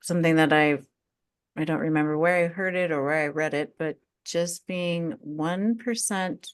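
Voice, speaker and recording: A woman hosts a casual podcast talk, encouraging and thoughtful as she rambles. Her voice sits on the low side. The sound is dry and close. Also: moderate pace, clean tone, no room sound. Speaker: podcast host. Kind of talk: casual chat.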